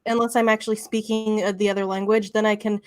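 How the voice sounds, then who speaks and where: A woman's voice: mid-range voice, level tone, quick pace, a little mellow, no echo, studio quality. An American woman author chatting easily over a video call and laughing at herself. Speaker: author at a karaoke meetup.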